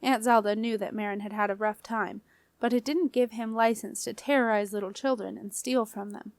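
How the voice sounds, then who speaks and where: A woman reading an audiobook aloud in a measured storytelling way. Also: mid-range voice, steady tone, dry recording. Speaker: audiobook reader. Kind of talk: scripted audiobook narration.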